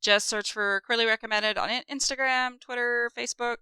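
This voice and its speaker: A woman co-hosting a podcast in casual, rambling chat, quick to laugh and tired after a long drive. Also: a little high, fairly even intonation, pushed and bright, clean tone, no room sound, rough recording. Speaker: podcast co-host.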